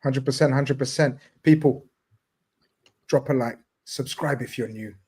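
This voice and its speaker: A man hosting a casual live-stream chat, excitable, shouting out viewers and swearing casually. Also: medium pitch, a little slow, slightly rough. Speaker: host.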